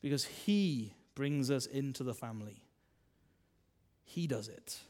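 A man, a minister preaching a sermon in a chatty style, full of tag questions and swings between loud and soft. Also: on the high side.

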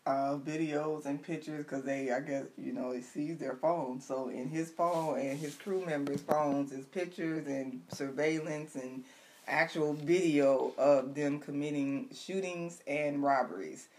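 A woman co-hosting a casual chat, animated and teasing, recapping gossip and news with loud laughs. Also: low voice, measured pace. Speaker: podcast co-host.

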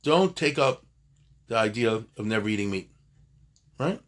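A man's voice: on the low side, lively intonation, a little slow. An older man teaching an informal Talmud class, digressive and conversational, often stopping to correct himself. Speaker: Torah teacher.

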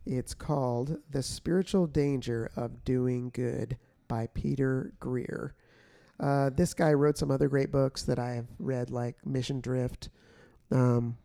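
A man's voice: medium pitch, creaky, warm tone, no room sound, studio quality. A man co-hosting a casual, faith-based podcast chat, earnest and easygoing, with filler words. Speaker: podcast co-host.

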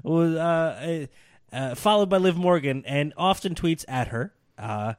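A man's voice: a little high, animated, unhurried, clear, resonant tone, no echo, studio quality. Flustered self-deprecating man co-hosting. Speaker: podcast co-host. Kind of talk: casual chat.

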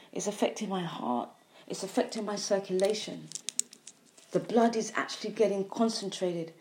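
A woman's voice: medium pitch, dark tone. A woman giving an earnest, emphatic health monologue, driving her points home with repeated lists. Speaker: health speaker.

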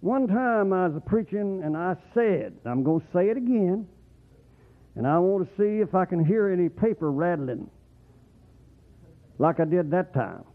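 Male preacher, folksy rambling sermon, lively swooping pitch. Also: measured pace, long pauses. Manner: animated, rambling, rising to excited whoops. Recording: tinny phone-like radio broadcast.

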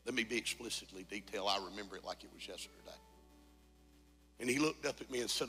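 A man preaching a sermon as pastor, moving from quiet confession to shouted, sung climaxes. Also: fairly low pitch, fast talker, creaky, long reverb tail, faint music behind. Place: church sanctuary.

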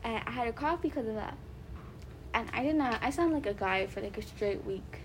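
A young woman chats casually as a podcast co-host, telling her stories by acting out what other people said. Her voice is fairly high. Light noise hisses behind the recording. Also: expressive, a little fast. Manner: tells stories by quoting others. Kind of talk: casual chat.

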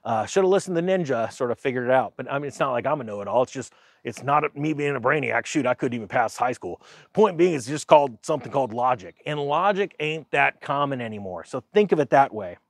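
A man's voice: mid-range voice, expressive, fast, creaky, no room sound, clean studio sound. A man giving a casual, sarcastic rant about the economy, mocking others in silly voices. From United States. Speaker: finance commentator.

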